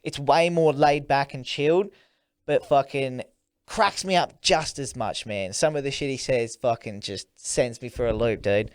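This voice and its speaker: A man's voice: mid-range voice, unhurried, no room sound, clean studio sound. A young man co-hosting a podcast in casual chat, laid-back and sweary, laughing often. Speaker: podcast co-host.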